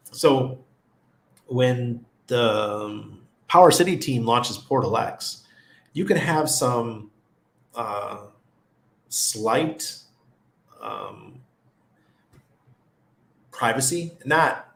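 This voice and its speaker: A man's voice: mid-range voice, expressive, takes it slowly, creaky, long pauses, roomy sound. A middle-aged man hosting a casual livestream chat who laughs often and greets viewers by name. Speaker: livestream host.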